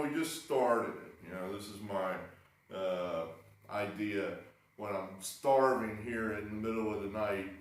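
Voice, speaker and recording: Man, sports-video host, rambling and wry, exasperated asides, lowish voice, cigar in hand, mic set well back. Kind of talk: rambling casual monologue. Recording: very echoey room, mic far off.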